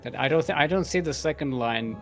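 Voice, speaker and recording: An esports caster gives goofy, playful running commentary on a live strategy game tournament, laughing at his own jokes. His voice is on the high side and fairly quick, with soft music playing in the background.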